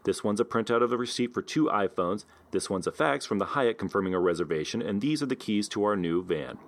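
A man voicing an excitable, blunt male inventor in a read-aloud story, with eager, emphatic delivery. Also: fairly low pitch, brisk, a little hiss or hum, pitched above the performer's own voice. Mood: matter-of-fact. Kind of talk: audiobook character voice.

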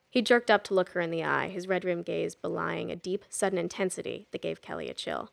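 A woman narrating a novel in a steady, even storytelling manner. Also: on the low side, a little fast, creaky, few pauses. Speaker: audiobook narrator. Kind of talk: scripted narration.

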